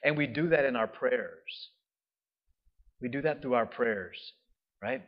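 A man preaching a sermon in a lively, conversational way, often checking in with the listeners. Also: medium pitch, slow, vocal fry. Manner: animated, conversational, often asks "right?". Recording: dull lo-fi sound.

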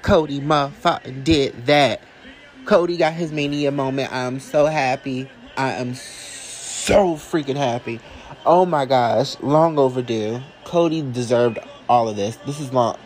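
A man reacting live as a fan, excitable and emotional, talking casually and sassily to his viewers. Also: fairly high pitch, poor audio. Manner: casual and sassy, calls listeners y'all and honey. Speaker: wrestling fan vlogger.

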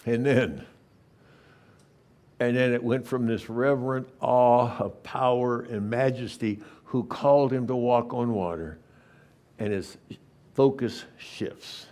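A man preaching a sermon, retelling a story with animated, acted-out asides in a church. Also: medium pitch. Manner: animated storytelling, acting out the disciples in quick lively asides. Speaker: pastor.

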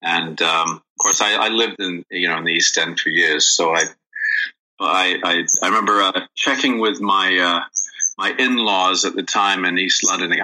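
Middle-aged man, low-ish voice with a very bright edge, rambling interview guest. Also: moderate pace, rough recording. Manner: rambling, many restarts and fillers. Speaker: actor guest. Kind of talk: casual interview chat.

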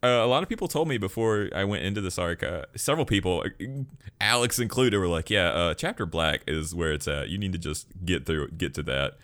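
Southern guy hosting a chill podcast, lowish voice, laughs a lot, bone dry sound. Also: lively intonation, fairly quick, a bit bright, no room sound. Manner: laughs often, many fillers and restarts. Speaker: podcast host. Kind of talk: casual chat reviewing an anime arc.

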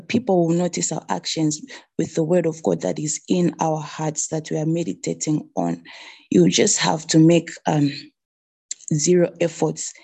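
Husky, gravelly woman sharing a sermon. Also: fairly low pitch, warm tone. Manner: earnest, retelling a sermon with hesitations. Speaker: church member sharing. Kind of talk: testimony over video call. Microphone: video call.

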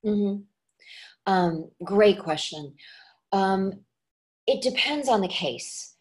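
A woman who coaches dialects, chatting as an interview guest and jumping into quick acted examples as she explains. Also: medium pitch. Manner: animated, acts out voices when giving examples. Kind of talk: casual interview chat.

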